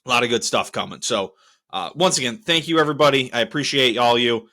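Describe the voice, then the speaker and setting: A man hosting a solo podcast, telling stories with heavy swearing and winding down with thanks to listeners. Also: fast. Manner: profane, exasperated storytelling; lively, restless pitch swings. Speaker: podcast host. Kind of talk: solo podcast rant and sign-off.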